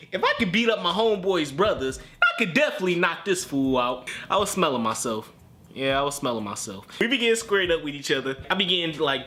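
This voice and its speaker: Animated, high-voiced young man telling a story. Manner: animated, slangy, self-mocking. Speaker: vlog host. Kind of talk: storytime narration.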